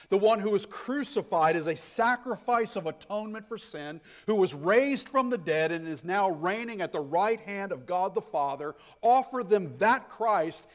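A male pastor preaching a sermon, emphatic, stressing points through repetition and swinging from loud declarations to hushed asides. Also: high voice. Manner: repeats phrases for stress.

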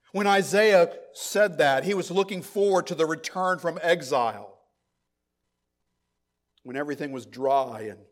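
High-voiced man preaching a sermon. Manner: emphatic preaching, repeats phrases, drops to near-quiet asides. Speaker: pastor.

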